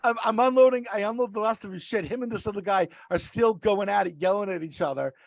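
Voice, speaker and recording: A man's voice: high voice, fast talker, vocal fry, dry recording. A man casually telling rambling stories on a podcast, often restarting his sentences. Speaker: podcast regular, rideshare driver. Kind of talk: casual storytelling.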